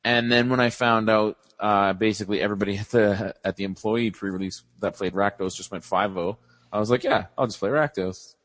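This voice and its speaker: A young man co-hosting a podcast tells rambling, animated stories in casual chat full of profanity. His voice is fairly low and a little fast, with no room sound.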